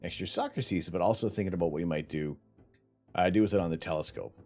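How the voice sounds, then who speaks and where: A Canadian man hosts a casual livestream, his voice low, quick, and slightly mellow, with faint music in the background. He rambles through viewer questions, reads the chat aloud, and keeps restarting his sentences.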